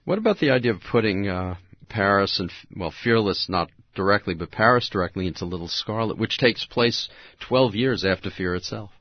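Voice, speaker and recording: Low-voiced male interviewer. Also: lively intonation, brisk, hardly any pauses, no echo, muffled recording. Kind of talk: interview conversation.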